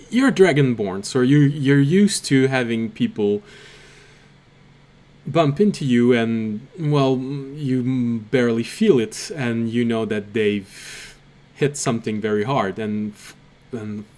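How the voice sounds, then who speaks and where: A man's voice: mid-range voice, darkish tone. A man narrating a tabletop game as game master, hesitant with many ums and uhs.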